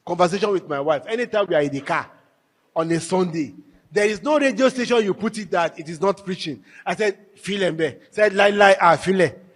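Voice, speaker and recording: Male workshop speaker, high voice, animated storyteller. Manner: animated storytelling, acting out both spouses. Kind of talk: lively workshop talk with acted anecdotes. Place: workshop hall.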